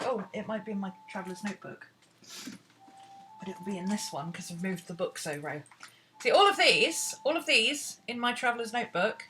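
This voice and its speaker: A woman's voice: medium pitch, a bit bright, a little hiss or hum. A British woman teaching painting in a casual, rambling tutorial, chatting and talking to herself as she works. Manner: chatty, rambling, talks to herself while searching. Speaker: art teacher.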